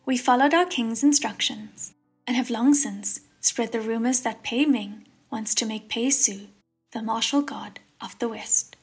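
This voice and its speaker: A woman's voice: a little high, breathy edge. A woman voicing a small, gleeful ghost minion in an audiobook, speaking in a conspiratorial whisper. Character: little green male ghost minion, sneaky and gleeful.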